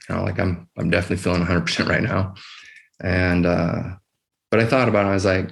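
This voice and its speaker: A middle-aged emergency physician shares a personal story as a podcast guest. His deep, creaky voice keeps a level tone, and he speaks in a quiet, measured way with many pauses.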